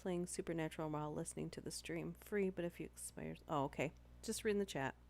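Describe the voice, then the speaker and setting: A woman streamer who reads stories aloud to her live chat and talks softly because she is close to the microphone. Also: low voice, fast talker, creaky. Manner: soft-spoken, close to the mic.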